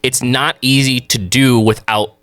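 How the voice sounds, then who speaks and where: A man's voice: mid-range voice, fairly even intonation, measured pace, a bit bright, no echo. A man co-hosting a music reaction show, chatting casually and explaining vocal technique at length. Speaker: music producer co-host.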